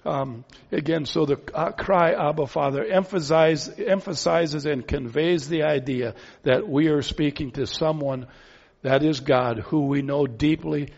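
Earnest preacher in a reverberant hall. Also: male voice, on the high side, a little slow, gravelly, darkish tone. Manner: earnest, pleading, with rhetorical questions. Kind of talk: sermon. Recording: dull sound with long hall reverb.

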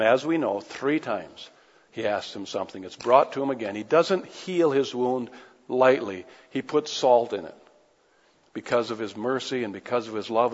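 A man preaching a sermon with passion, pressing his listeners with rhetorical questions. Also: mid-range voice. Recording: echoey hall, dull lo-fi sound.

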